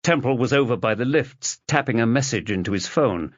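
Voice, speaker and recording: A man narrating an audiobook in a measured storytelling manner, in a dull lo-fi recording. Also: mid-range voice, expressive, dry recording. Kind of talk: scripted narration.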